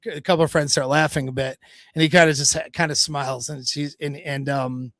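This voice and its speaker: A dating coach on a livestream, casually retelling a story with laughs, false starts and stumbles. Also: male voice, fairly high pitch, steady tone, a little fast, a bit bright, dry recording.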